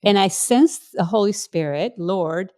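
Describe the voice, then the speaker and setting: A middle-aged woman from Puerto Rico co-hosting a casual faith podcast, an animated storyteller who acts out the people she quotes with big leaps in pitch. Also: unhurried. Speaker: co-host.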